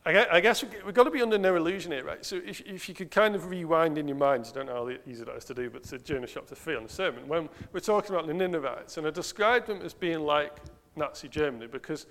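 A man's voice: on the high side, fast, hardly any pauses, fairly bright tone. A man preaching a sermon in an earnest, self-questioning way, asking the congregation rhetorical questions. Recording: long hall reverb.

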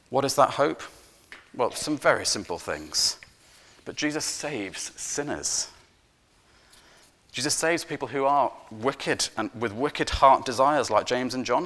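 A man preaching a sermon, earnest and emphatic, repeating words for stress and dropping to a hushed voice at the ends of phrases. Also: mid-range voice. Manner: swings from loud emphasis to soft, hushed endings.

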